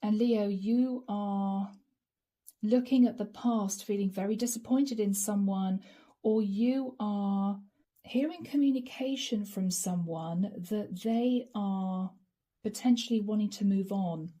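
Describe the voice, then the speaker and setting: A woman's voice: medium pitch, takes it slowly, mellow. A woman giving a channeled tarot reading, talking emphatically and repeating lines as she acts out imagined exchanges. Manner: dramatic, emphatic, repeats lines while acting out dialogue. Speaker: tarot reader.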